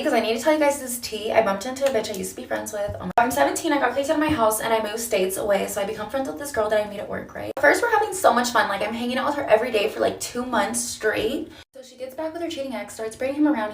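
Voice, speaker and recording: A woman's voice: on the high side, echoey room, distant mic. A woman telling gossip in a casual makeup storytime, sassy and talking straight to her viewers. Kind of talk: casual get-ready-with-me storytime.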